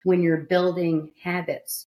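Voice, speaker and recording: A woman's voice: fairly low pitch, little pitch movement, slow pace, warm tone. A woman hosting a studio podcast, talking candidly and emphatically in casual chat. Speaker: podcast host.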